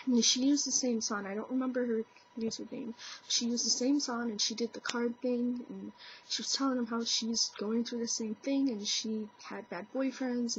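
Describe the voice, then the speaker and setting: A woman's voice: fairly high pitch, a little hiss or hum. A young woman talking earnestly into her camera in a casual opinion vlog, full of "like" and "you know". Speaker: vlogger. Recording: dull lo-fi webcam audio.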